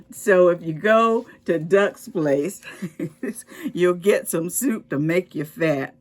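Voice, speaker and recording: A woman reading a picture book aloud to preschoolers, explaining words and asking the children questions as she goes. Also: on the low side. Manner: expressive, slow and explaining to children. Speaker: children's storytime reader.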